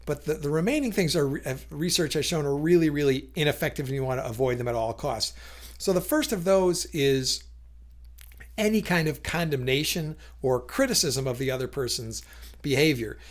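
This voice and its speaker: A man's voice: fairly high pitch, animated, normal speed. A man explaining communication in a casual talk to camera, thoughtful, with frequent fillers and restarts, briefly acting out quoted lines.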